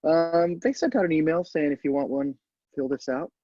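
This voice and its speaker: A man's voice: fairly high pitch, moderate pace, warm tone, no echo, muffled recording. A man hosting a live online event from home, casual and chatty with lots of fillers and laughs. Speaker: host. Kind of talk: casual live-stream chat.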